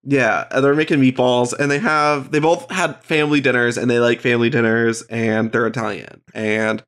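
A man co-hosting a podcast in casual chat, congested and tired, rambling and hesitant with quick laughs. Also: medium pitch, steady tone, fairly bright tone, clean tone. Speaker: podcast co-host.

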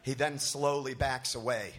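A comedian reading a comic story aloud at a comedy festival, narrating an absurd tale with a straight delivery. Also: male voice, medium pitch, steady tone, measured pace, a bit bright.

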